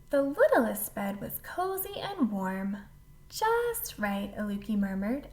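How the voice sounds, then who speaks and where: Woman storyteller, fairly high voice, expressive picture-book read-aloud. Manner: animated storybook reading with asides to the listener.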